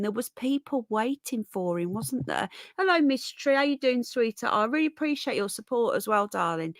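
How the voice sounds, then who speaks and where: A woman's voice: a little high, lively intonation, normal speed, hardly any pauses, fairly bright tone, no echo, clean studio sound. A tired, yawning woman hosting a casual live stream, chatting and greeting viewers by name as darling and sweetheart. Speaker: livestream host.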